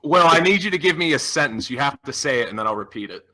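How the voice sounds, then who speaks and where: A man's voice: mid-range voice, lively intonation, fast talker, crowd noise, rough recording. A man co-hosting a call-in podcast, joking in a dry way. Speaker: podcast co-host. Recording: loud background noise.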